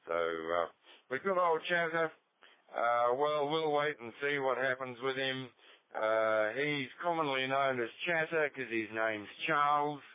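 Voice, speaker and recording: A man's voice: mid-range voice, lively intonation, measured pace, smooth, no echo. An Australian man in his seventies chatting casually on a ham radio net, rambling through anecdotes with dry humor. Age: 70s. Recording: tinny dry radio transmission.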